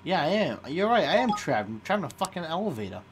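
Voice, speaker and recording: A man's voice: on the high side, sing-song, fast talker, background noise. Jumpy, swearing young man gaming. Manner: swearing, jumpy reactions to scares. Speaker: gaming channel host. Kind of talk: casual gameplay commentary.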